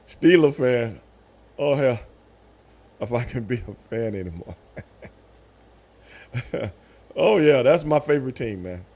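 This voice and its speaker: A man in his fifties chatting casually on a live stream, telling animated stories with loud voiced outbursts. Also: mid-range voice, unhurried, vocal fry, pauses often. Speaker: streamer host.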